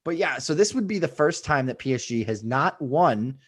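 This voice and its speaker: A man's voice: medium pitch, lively intonation, normal speed, husky. Laid-back, joking male podcast co-host. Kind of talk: casual sports chat.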